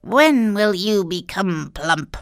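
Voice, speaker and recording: Cruel old storybook witch, drawn-out and dry, voiced by a woman. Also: mid-range voice, lively intonation, no echo. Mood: menacing.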